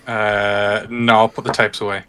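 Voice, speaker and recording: A man's voice: on the low side, level tone, measured pace, bright, forceful tone, clean tone. A man taking part as a player in a tabletop horror game, asking brief, matter-of-fact questions. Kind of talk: casual game chat.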